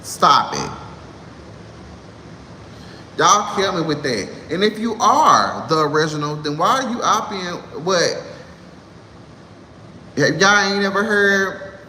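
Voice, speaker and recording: A man's voice: fairly high pitch, big pitch swings, slow pace, pauses often, pushed and bright. Exasperated man ranting in an echoey room. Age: 30s. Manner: sassy, exasperated ranting with laughs. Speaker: vlogger. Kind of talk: heated monologue to camera. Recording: echoey room with long reverb, faint noise.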